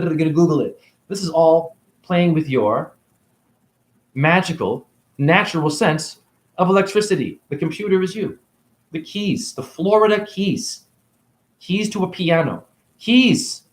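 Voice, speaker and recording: A man giving a rambling spiritual monologue to camera, jumping from topic to topic, talking in circles and swearing freely. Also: on the high side. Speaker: spiritual video creator. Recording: echoey room.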